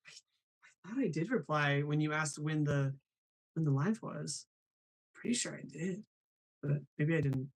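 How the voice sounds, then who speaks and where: A man hosting a live stream in a casual, chatty way, apologetic and quick to laugh. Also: on the high side.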